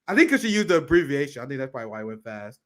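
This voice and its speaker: A man's voice: medium pitch, very fast. A man hosting casual political commentary, swearing often, laughing, and reading clips aloud as he reacts. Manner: profane, animated, laughs often.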